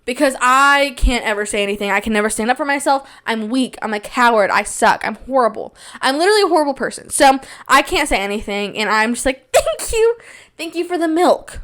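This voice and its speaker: A young woman with a slightly high voice tells stories on her podcast in a loose, casual monologue. She rambles and pokes fun at herself, and her pitch leaps when she quotes someone. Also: fast, few pauses, sharp tone. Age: young adult. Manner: self-deprecating, rambling, with big jumps in pitch when quoting. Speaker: podcast host.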